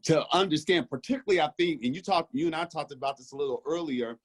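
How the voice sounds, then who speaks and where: Man, reflective, measured, storytelling, casual discussion. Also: fairly high pitch. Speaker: discussion panelist. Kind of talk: casual video-call discussion.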